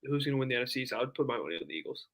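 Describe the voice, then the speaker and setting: A man co-hosting a casual sports talk show, laid-back and quick to laugh. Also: medium pitch, very animated, a bit bright. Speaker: podcast co-host.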